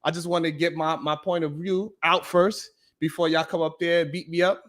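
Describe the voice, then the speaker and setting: A man hosts a live stream, talking straight at his audience in a rough, profane, emphatic way. His voice sits a little high for a man. He keeps circling back with "you know what I'm saying" as he drives each point home. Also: flat delivery, moderate pace, a bit bright. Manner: blunt, profane, emphatic street talk. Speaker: live-stream show host. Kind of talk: casual monologue to a live audience.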